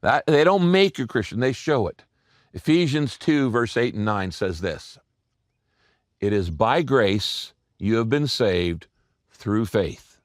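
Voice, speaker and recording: An older man, a pastor preaching a sermon, telling stories and repeating key lines slowly for emphasis. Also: fairly low pitch, lively intonation, dry recording, studio quality.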